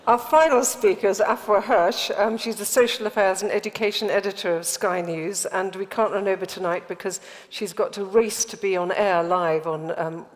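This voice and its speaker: Woman chairing a panel in a hall. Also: on the low side. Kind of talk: introducing speakers. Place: large hall. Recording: reverberant lecture hall.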